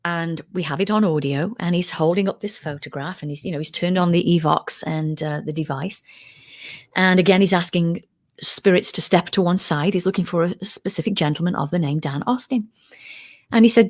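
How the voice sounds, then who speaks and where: A woman's voice: lowish voice, normal speed. A middle-aged woman from the United Kingdom, telling a story in a casual interview and acting out quoted voices. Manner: animated, acts out quoted voices. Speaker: guest, UFO researcher.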